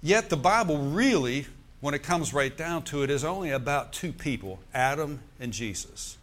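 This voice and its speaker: A man's voice: fairly high pitch, animated, fairly bright tone. Man preaching with call-and-response. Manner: preacher's call-and-response with "Amen?" and "Praise the Lord"; slows and stresses key words. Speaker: pastor. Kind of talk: sermon.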